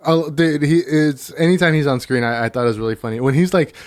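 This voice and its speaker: Young male co-host, a bit high-pitched, dry close mic, loose joking delivery with stumbles. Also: steady tone, quick pace, dry recording. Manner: joking, rambling, stammers on restarts. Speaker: podcast co-host. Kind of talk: casual chat.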